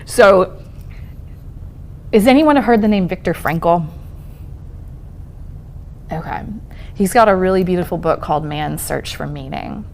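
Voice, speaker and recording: Gravelly-voiced woman giving a wellness talk. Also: lowish voice, expressive, unhurried, long pauses, a little mellow, a little hiss or hum. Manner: conversational, reassuring, frequent "um" and "okay?" check-ins. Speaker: speaker on trauma and resilience, therapist. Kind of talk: conference talk to an audience. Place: lecture room at a college event.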